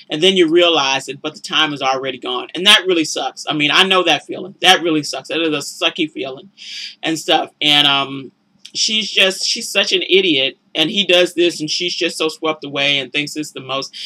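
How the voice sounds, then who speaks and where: A woman's voice: on the low side, animated, moderate pace, sharp tone. A woman giving a casual, opinionated recap of a reality show, chatty and judgmental, tacking "you know, and stuff" onto her sentences. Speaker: reality TV commentator.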